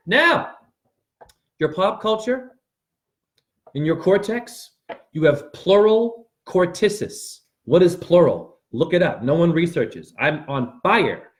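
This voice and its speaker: A man hosting a rambling motivational monologue, talking straight to his viewers and breaking into sudden yelps and shouts. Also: on the high side, huge pitch swings, measured pace. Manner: addresses viewers directly with frequent "right?". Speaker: spiritual video host.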